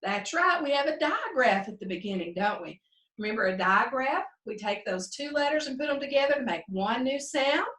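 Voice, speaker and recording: A woman teaching a phonics lesson to young children, sounding out words slowly in an encouraging sing-song way. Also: sits high, animated, a bit bright, echoey room, far from the mic. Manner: slow, drawn-out sounding out of words. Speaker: second grade teacher.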